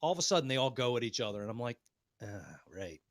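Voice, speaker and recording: Profane, animated man telling a story. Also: mid-range voice, racing. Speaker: podcast co-host. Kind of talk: casual storytelling chat.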